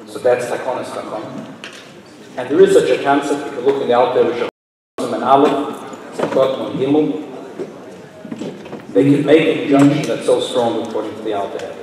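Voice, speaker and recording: A man's voice: medium pitch, darkish tone. A man telling a story and explaining it at a religious gathering in a large hall. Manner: explains, then tells a story with quoted voices. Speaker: speaker at a Chassidic gathering. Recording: echoey hall, voice from far off, faint noise.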